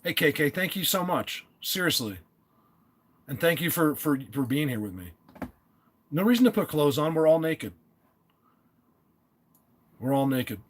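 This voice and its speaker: A man with a New Jersey accent hosting a live stream, talking emphatically, yelling at times and stumbling over restarts. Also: a little high, very animated, unhurried, long pauses. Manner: emphatic, yells, stammering restarts. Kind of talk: excited live-stream talk. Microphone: phone at a desk.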